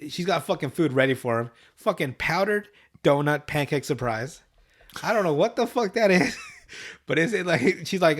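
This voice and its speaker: A young man with a fairly high voice and lively intonation hosts a podcast at a moderate pace, casually recapping a cartoon episode. He swears and laughs a lot, raising his voice to perform the characters' lines.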